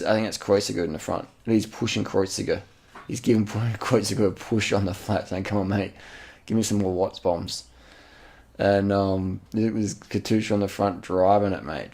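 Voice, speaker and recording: A man giving excited, slangy, repetitive commentary over race footage, with casual swearing. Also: low voice, creaky. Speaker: channel host.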